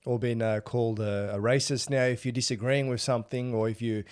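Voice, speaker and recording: A man hosting a podcast in casual conversation, talking in a rambling, halting way. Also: medium pitch, steady tone, a little mellow. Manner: rambling, halting, many fillers and restarts. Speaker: podcast host.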